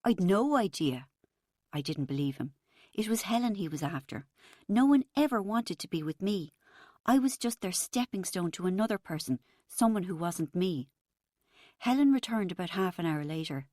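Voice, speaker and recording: A woman narrating an audiobook in the first person, with a wry, expressive storytelling manner. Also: on the low side, moderate pace, dry recording, studio quality.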